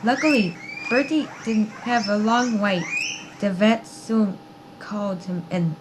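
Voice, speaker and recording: A woman reading a children's story aloud, slow and expressive. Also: mid-range voice, noisy background. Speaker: narrator.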